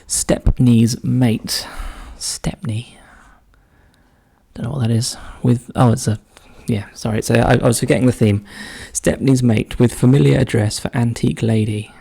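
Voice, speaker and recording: A man solving a cryptic crossword out loud, musing slowly and often muttering clues under his breath. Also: medium pitch, steady tone, creaky, slightly rough. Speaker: crossword solver. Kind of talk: thinking aloud while solving a puzzle.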